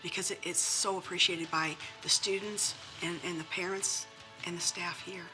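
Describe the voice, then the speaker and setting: Earnest woman, lowish voice, donation appeal over music. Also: steady tone, moderate pace. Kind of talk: interview.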